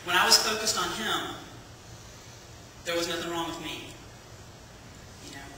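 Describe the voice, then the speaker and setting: A man's voice: high-pitched, unhurried, pushed and bright, slight background noise. A man giving a chatty personal testimony to a church congregation, telling his story with plenty of fillers. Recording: echoey hall from far off.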